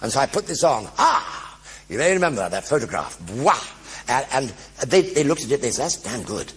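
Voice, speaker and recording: An older man with a British English accent telling comic anecdotes in a one-man stage show, a lively raconteur who mimics other people's voices and sound effects. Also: medium pitch, fairly quick, breathy edge. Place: theatre stage.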